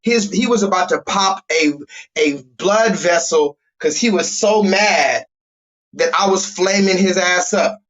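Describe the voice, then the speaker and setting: Man, high voice, livestream host, loud profane ranter, dull lo-fi home audio. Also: unhurried. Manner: loud, blunt and profane, talking straight to chat.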